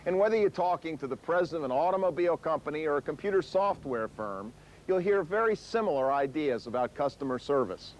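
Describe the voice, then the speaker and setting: A man's voice: fairly high pitch, lively intonation, fast talker, low-quality recording. A man presenting a business documentary in an assured, emphatic way. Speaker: narrator, business commentator.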